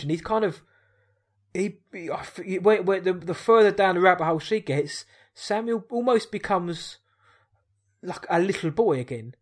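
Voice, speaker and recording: A man talks about a film in a casual, chatty way, sometimes tripping over his words and restarting. His voice is fairly high for a man. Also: normal speed.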